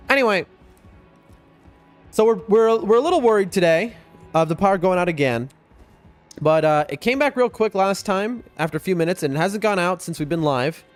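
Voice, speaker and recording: A young man streaming a game, chatting excitably to his viewers as he plays. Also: sits high. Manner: chatty, excitable, often addresses chat. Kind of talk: live gameplay commentary to chat. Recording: faint music behind voice.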